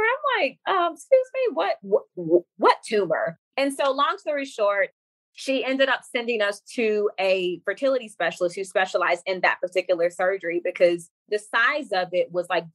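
A young woman speaks as a podcast guest, telling a personal story in a casual, lively way. Her pitch sits mid-range, and she jumps up high when she mimics other people. The recording is dry and close, with no room sound. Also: dry recording. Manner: lively storyteller who acts out quoted dialogue. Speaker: podcast guest, women's coach.

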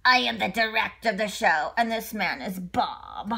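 A woman's voice: medium pitch, lively intonation, moderate pace, creaky, pushed and bright, breathy edge, full character voice. A woman voicing a showy male director of an animal show in a children's storybook, speaking in a theatrical, welcoming way. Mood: pleased. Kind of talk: children's storybook read-aloud.

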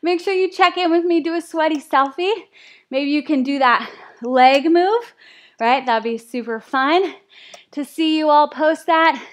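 A woman's voice: high-pitched, a little slow. A young woman fitness instructor coaching a live workout class, out of breath, counting reps and cheering people on. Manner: counts reps aloud, upbeat encouragement.

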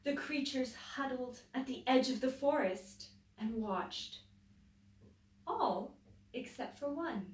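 A woman teacher reads a storybook aloud for children, slow and clearly paced. Her voice swings widely in pitch as she tells the tale and stops to explain it. The recording is roomy and echoey, picked up from some distance. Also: animated, slight background noise. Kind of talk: reading a picture book aloud to children.

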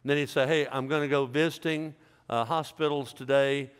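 A man's voice: mid-range voice, steady tone, fairly quick, clean tone. Folksy preacher man in a hall. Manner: folksy, joking, conversational preaching. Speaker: pastor. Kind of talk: sermon. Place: large church sanctuary. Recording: reverberant church hall.

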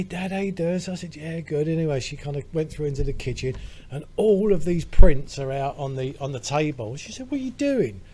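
A man's voice: medium pitch, dark tone, slight background noise. Rambling British man telling a story. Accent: British English. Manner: rambling storyteller, many fillers. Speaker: podcast co-host. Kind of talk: casual chat.

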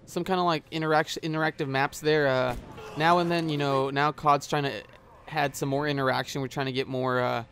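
A man's voice: fairly high pitch, steady tone, fairly quick, a bit bright, a little hiss or hum. A man giving casual gameplay commentary as a gaming YouTuber, rambling with many filler sounds and swearing at the game, recorded on a headset mic.

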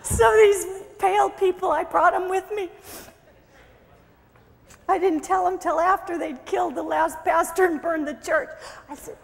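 A woman preacher with a very high voice, talking slowly and exuberantly. She shouts exclamations and laughs often. The sermon rings through a large echoing hall with a faint crowd in the background. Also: fairly even intonation, vocal fry, a little hiss or hum. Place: conference hall.

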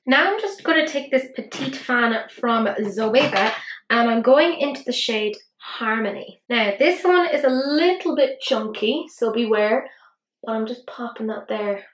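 An Irish woman in her thirties talks her viewers through her makeup in a casual, self-mocking way. Her voice sits a little on the high side, and she drops into quiet asides. The room around her has a noticeable echo. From Ireland. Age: 30s. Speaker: beauty vlogger. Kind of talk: casual makeup tutorial chat.

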